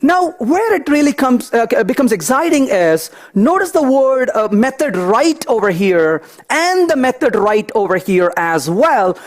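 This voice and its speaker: A man giving a technical conference talk, walking through live code and telling lively anecdotes as he thinks aloud. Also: very high voice. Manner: animated, storytelling asides, thinks aloud. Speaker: conference speaker.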